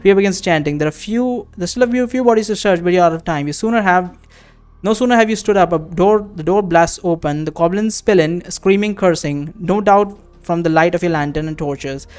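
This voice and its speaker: A man with a fairly high, smooth voice reads a fantasy text game aloud in a let's-play. Between passages he breaks off into relaxed, offhand commentary, musing aloud and cursing now and then. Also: brisk. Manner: casual, muses aloud and swears offhandedly. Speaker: game streamer.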